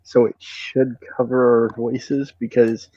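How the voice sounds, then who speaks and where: A man's voice: mid-range voice, little pitch movement, takes it slowly, dark tone, no room sound. Man, tabletop player, argumentative, joking, casual, dry muffled lo-fi recording. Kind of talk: casual chat at a game table. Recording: dull dry lo-fi mic.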